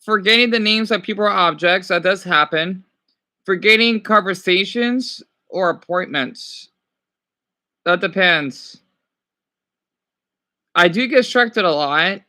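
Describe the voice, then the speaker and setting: A man's voice: sits high, a little slow, long pauses, pushed and bright. A man streaming casually, reading quiz questions aloud and reacting with exclamations while he talks back to his chat.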